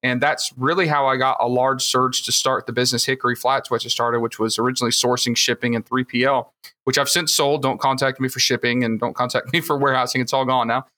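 This podcast guest, a future host, speaks quickly in a flat, sharp voice of medium pitch. He has a Southern Alabama accent and spins rambling, eager stories loaded with fillers on a casual show.

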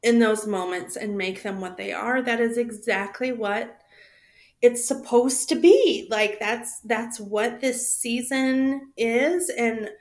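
A woman co-hosting a relaxed podcast who talks slowly and reflectively, pausing to find her words. Her voice sits a little high for a woman. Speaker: podcast co-host. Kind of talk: casual chat.

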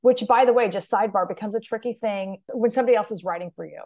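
Woman host, media coach vibe, keeps saying great point, steady chatty pace. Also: mid-range voice, fast. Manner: affirming, reflective questioner. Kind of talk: conversational interview.

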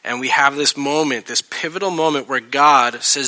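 A man preaching a sermon in a casual, chatty way, acting out scenes with lively voice changes. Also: mid-range voice, normal speed, hardly any pauses. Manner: animated, acts out scenes with shifting voices; casual, chatty delivery with laughs. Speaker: pastor.

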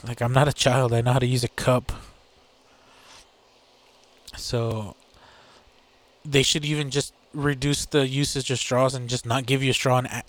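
A man talks alone on his own show, swearing freely as he rants with a sarcastic edge. His voice sits in a middling pitch, and his delivery is loose and off the cuff, full of fillers and quick asides. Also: level tone. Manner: profane, sarcastic ranting with laughs and filler. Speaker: podcast host. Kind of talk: casual solo rant.

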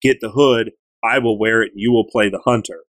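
A curt, sharp-tongued young woman, as a man voices her in a retelling snaps out short orders. The voice stays low and is close and dry. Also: steady tone, a little fast, dry recording. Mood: snappy.

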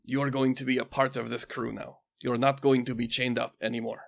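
A man plays a masked leader of a pirate-like crew. The voice is gentle and coaxing, with a gravelly, fry-laden texture and a mid-range pitch. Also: little pitch movement, a little fast. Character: masked man leading a ship's crew, calm.

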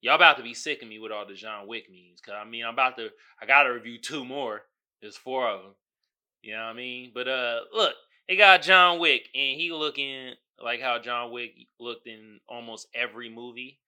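A man hosting a podcast in casual solo commentary, animated and joking, laughing often, with slangy street talk. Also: medium pitch, normal speed, smooth. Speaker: podcast host.

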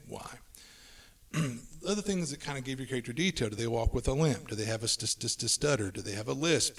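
A man's voice: mid-range voice, far from the mic. A man hosting a casual podcast, giving game advice and rattling through lists of tips.

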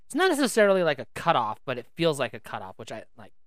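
A woman's voice: a bass voice, huge pitch swings, quick pace, no echo. A woman co-hosting a podcast in casual chat, rambling and restarting her sentences as she talks into a studio microphone. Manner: chatty and rambling, with many restarts. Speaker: podcast co-host.

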